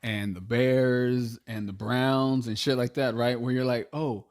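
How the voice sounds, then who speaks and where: A man's voice: mid-range voice, steady tone, a little slow, darkish tone. A man on a podcast talking sports in a loose, slangy way. He teases and cracks jokes, laughing often. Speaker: podcast co-host. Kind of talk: casual sports chat.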